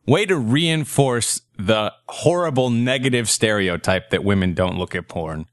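A man's voice: on the low side, measured pace, no echo, studio quality. A man in his thirties hosting a casual comedy podcast, joking crudely and laughing often. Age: 30s. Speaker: podcast host.

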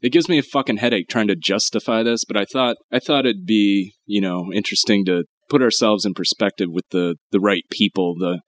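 A man's voice: on the low side, brisk, few pauses. A man in casual conversation who agrees readily and laughs often. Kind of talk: casual chat.

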